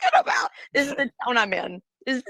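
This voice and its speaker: A woman from the Boston area, a teacher joining a casual livestream, telling stories in an animated, dramatic way. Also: fairly high pitch, fast talker, vocal fry, dry recording.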